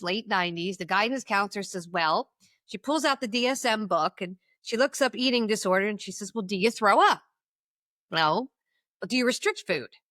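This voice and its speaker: Lively woman telling her story. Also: medium pitch, no echo, studio quality. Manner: lively storyteller acting out quoted voices. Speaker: guest, addictions coach. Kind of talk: personal storytelling in a podcast interview.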